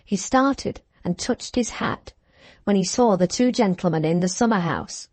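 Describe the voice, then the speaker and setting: A woman reading a classic novel aloud in calm, even audiobook narration, at a middle pitch. The recording is dry and close, with no room sound. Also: moderate pace, no echo.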